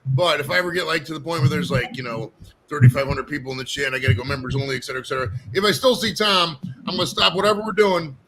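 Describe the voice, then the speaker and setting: A man's voice: fairly high pitch, steady tone, racing, noisy background. A man from Ohio hosting a casual livestream, talking in a loose, rambling way and swearing freely. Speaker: livestream host.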